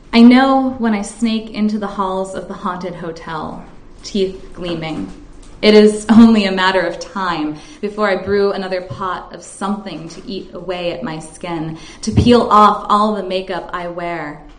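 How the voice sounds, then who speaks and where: A woman poet at a live reading, chatting briefly with the audience and then reciting her poem in a measured way. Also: mid-range voice. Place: stage at a live reading event. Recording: echoey room.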